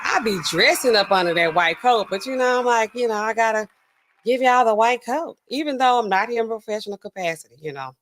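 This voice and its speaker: A woman pharmacist hosting a casual livestream and talking to her chat in an animated, chatty way full of fillers. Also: on the high side, brisk, slight background noise.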